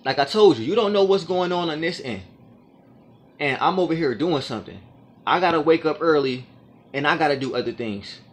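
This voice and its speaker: A man with a fairly high voice rants straight to his camera. He is aggrieved and swears freely, hammering the same lines over and over. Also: expressive, fairly quick. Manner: aggrieved and profane, repeating his points. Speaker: vlogger. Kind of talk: ranting monologue to camera.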